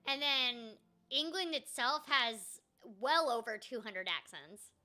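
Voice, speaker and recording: A woman with a high, bright voice that bounces all over the place chats her way through a gameplay stream. She talks in an animated, scattered way, full of ums and self-mocking little asides. Her tone is lively and chatty. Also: takes it slowly, faint music behind. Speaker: voice actor streaming a video game. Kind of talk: casual gameplay chat.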